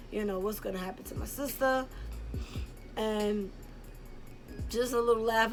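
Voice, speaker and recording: A woman's voice: fairly high pitch, pushed and bright. Candid young woman. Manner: candid and rambling, heavy on "like" and "um". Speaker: YouTuber telling a personal story. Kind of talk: casual storytime.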